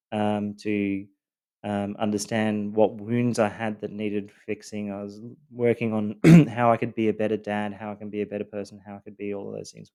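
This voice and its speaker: A man with a fairly low voice hosts a podcast, telling his own life story in a loosely scripted monologue. He speaks earnestly and haltingly, with frequent fillers, restarts and repeated words. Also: mellow, clean tone.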